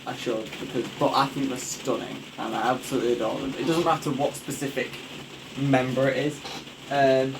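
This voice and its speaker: An excitable young man chats away eagerly, his talk full of ums and restarts. His voice sits in a middling range. A faint hiss runs under the recording. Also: mid-range voice, fairly quick, creaky. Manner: enthusiastic, rambling with many fillers. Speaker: podcast host. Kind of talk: casual chat.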